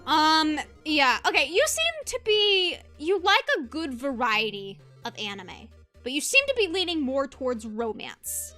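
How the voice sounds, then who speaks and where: A woman's voice: high voice, sing-song, unhurried, pushed and bright, faint music behind. A young woman streaming as a VTuber, ranting passionately in casual commentary and laughing easily.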